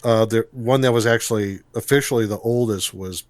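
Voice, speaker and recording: A man's voice: lowish voice, brisk, dry recording. Man, podcast co-host, casual chat, rambling, restarts a lot, dry close sound. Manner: rambling, restarts often, laughs easily. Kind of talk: casual chat about tabletop games.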